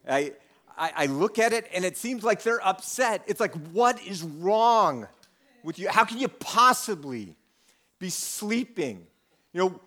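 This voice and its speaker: A man teaching a Bible passage in a conversational way, reading the text and then acting out the disciples' lines with humor. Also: fairly high pitch. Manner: conversational, acts out quotes with humor. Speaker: preacher.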